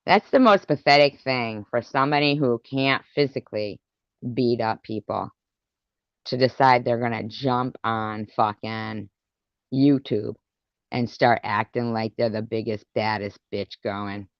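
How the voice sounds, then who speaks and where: Swearing and taunting, a woman vlogger goes on a confrontational rant, driving her points in through repetition. Her extremely low voice stays smooth and clear as she speaks slowly and deliberately, captured in a dry, dull, lo-fi recording.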